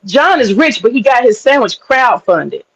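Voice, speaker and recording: A woman's voice: fairly high pitch, very animated, moderate pace, husky, no room sound, highs cut off. A woman guest chatting casually on a livestream, brash, teasing and profane. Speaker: stream guest.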